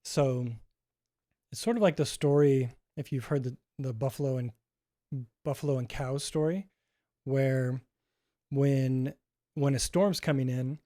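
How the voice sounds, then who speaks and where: A man co-hosting a podcast, talking through an idea in a reflective, halting way with restarts. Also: mid-range voice, fairly even intonation, dark tone, no echo, clean studio sound. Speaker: podcast co-host. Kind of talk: casual podcast chat.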